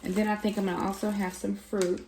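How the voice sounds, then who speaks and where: A woman's voice: medium pitch, little pitch movement, fast, darkish tone, a little hiss or hum. A woman, a mother, filming a casual grocery haul vlog in her home kitchen on a camera mic, chatting straight to her viewers and saying y'all. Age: adult, mother of four. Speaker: family vlogger.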